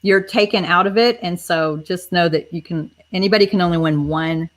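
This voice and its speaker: A woman with a slightly low voice hosts a casual live stream, talking straight to her viewers in a chatty, running commentary. She spells things out carefully and keeps everyone in the loop, all through a computer mic. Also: normal speed. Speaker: livestream host running a giveaway.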